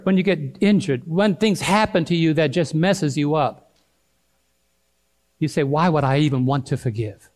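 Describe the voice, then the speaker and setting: Preaching to his congregation and calling out to them, a middle-aged male pastor alternates between booming and quiet passages. His voice is on the high side.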